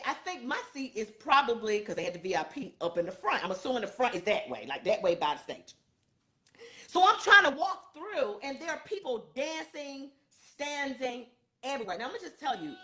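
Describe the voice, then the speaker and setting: A woman hosting a show, recapping an event in a casual, animated storytelling way, acting out what people said. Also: fairly high pitch. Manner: animated storytelling, acts out quotes. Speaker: show host.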